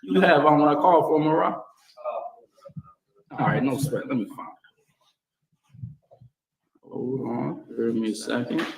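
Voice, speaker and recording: A man's voice: medium pitch, slow pace, vocal fry, long pauses, noisy background. A man leading a scripture class in an emphatic, call-and-response preaching style. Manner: emphatic, repeats questions to the room. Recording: echoey room, distant mic, crowd behind.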